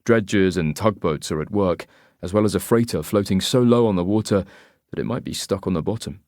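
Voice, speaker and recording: A man reading a first-person thriller audiobook in a measured, tense, clipped way. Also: lowish voice, darkish tone, dry recording, studio quality. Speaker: audiobook narrator.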